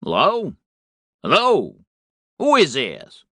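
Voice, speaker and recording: A man voicing an exasperated businessman talking on his cell phone, raised and lively. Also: on the high side, slow pace, dry recording, clean studio sound, pitched above the performer's own voice, exaggerated voice. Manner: brash, exasperated.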